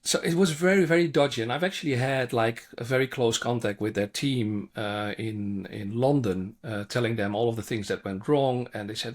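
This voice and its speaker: A man, a China expert answering interview questions in animated, conversational English full of restarts. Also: medium pitch, normal speed, few pauses. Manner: animated, frequent restarts and repeated words.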